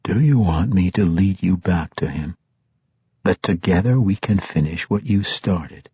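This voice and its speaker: A man voicing a cold, menacing male assassin who speaks in a low, quiet, whispered way. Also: animated, unhurried, breathy edge, dry recording, highs cut off, heavily acted. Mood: taunting.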